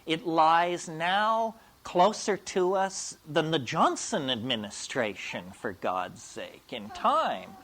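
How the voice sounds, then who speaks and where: A man's voice: fairly high pitch, very animated, takes it slowly, hardly any pauses, fairly bright tone. A man giving a public lecture in a provocative, emphatic and wry way.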